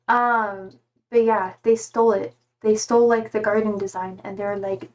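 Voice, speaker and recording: A woman's voice: mid-range voice, fairly even intonation, moderate pace, darkish tone. A young woman from Germany whose first language is German, chatting casually with her livestream viewers and reading their messages aloud.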